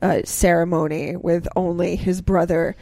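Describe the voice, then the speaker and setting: Woman, casual podcast co-host, animated storyteller, fillers, dry close sound. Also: lowish voice, a little slow, creaky, no room sound. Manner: animated retelling with many fillers. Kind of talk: casual movie discussion.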